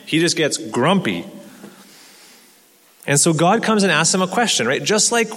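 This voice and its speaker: A man's voice: on the high side, very animated, moderate pace, a bit bright. A man preaching a sermon in an earnest way, asking rhetorical questions and repeating words as he restarts. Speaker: pastor. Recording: long hall reverb.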